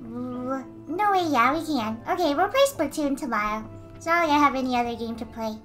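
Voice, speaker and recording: A woman streaming casually while she draws, answering chat, giggly and given to excited squeals. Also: high voice, normal speed, soft background music. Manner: responds to chat messages.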